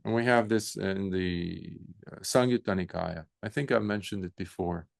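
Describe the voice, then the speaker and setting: Brief: male monk teacher, relaxed unhurried talk, low, some vocal fry. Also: no room sound, studio quality. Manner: relaxed storytelling with fillers. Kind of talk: dharma talk.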